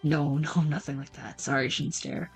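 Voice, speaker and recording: A woman voicing a stern, driven male police detective in a video game, speaking curtly and gruffly. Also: low voice, steady tone, normal speed, a little mellow, soft background music, voice pushed down. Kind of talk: reading a video game aloud.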